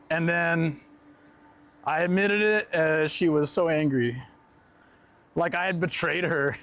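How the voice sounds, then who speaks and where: A man's voice: a little high, measured pace, long pauses, fairly bright tone. A man chatting casually on a live stream, telling rambling stories and laughing often. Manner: laid-back, rambling storyteller, laughs often. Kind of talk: casual live-stream chat while out and about.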